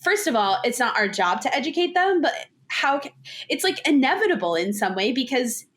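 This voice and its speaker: A woman's voice: sits high, sing-song, a little fast, a bit bright. A woman in her twenties, a podcast guest talking candidly and casually, with lots of filler words. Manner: chatty, candid, heavy use of "like".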